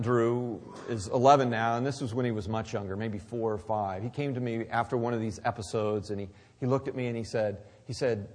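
Husky-voiced man preaching in a reverberant hall. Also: medium pitch. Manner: dramatic swings from loud emphasis to near-whisper. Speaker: pastor. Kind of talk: sermon. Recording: long reverb of a large hall.

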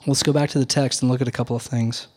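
A middle-aged male pastor delivering a Sunday sermon in a church. He speaks earnestly and deliberately, slowing down to lean on the words he wants to stress. His pitch sits at an ordinary middle level for a man. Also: level tone, a little mellow, breathy edge. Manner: earnest, measured preaching with slow deliberate emphasis.

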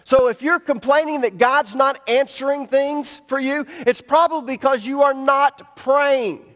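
High-voiced pastor in an echoing church. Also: male voice, steady tone, a little slow, a bit bright. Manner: emphatic, direct, with rising bursts of emphasis. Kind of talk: sermon. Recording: long reverb in a church hall.

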